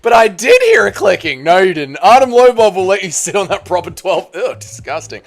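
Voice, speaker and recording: A man hosting a live stream, bantering with his chat and calling out vote counts in an excitable, teasing way. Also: high voice, brisk, faint music behind.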